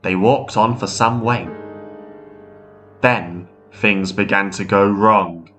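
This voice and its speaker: A man narrating a ghost story in a measured, steady way. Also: lowish voice. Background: faint guitar music.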